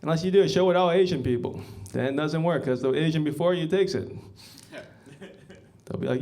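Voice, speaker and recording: A man doing a stand-up set on a club stage, telling rambling, deadpan stories full of ums and asides to the crowd. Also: a little high, brisk. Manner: rambling deadpan storytelling with many ums, often says "guys". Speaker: stand-up comedian.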